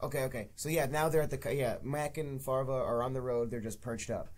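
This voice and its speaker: A man's voice: medium pitch, steady tone, fairly quick, a little mellow. A young man co-hosting a podcast, ranting in casual, profane chat about a movie he hated. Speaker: podcast co-host.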